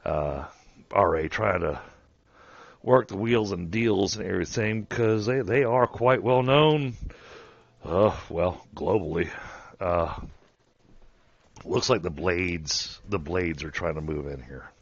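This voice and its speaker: A man's voice: low-pitched, slow pace, creaky, long pauses, no room sound, lo-fi sound, exaggerated voice. A man voicing a busy, friendly male blacksmith in a tabletop game, casual and easygoing. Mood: confiding.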